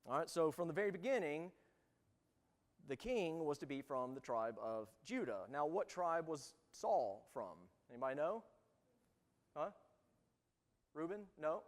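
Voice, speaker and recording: A man teaching a church Bible lesson, reading scripture aloud and then explaining it in loose, halting asides. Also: on the high side, lively intonation, in a large hall. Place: church room.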